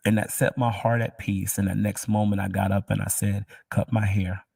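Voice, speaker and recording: Man, gravelly and husky voice, flat delivery, emotional halting testimony, near whisper at times, dry distant recording. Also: lowish voice, dry recording. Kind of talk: personal faith testimony.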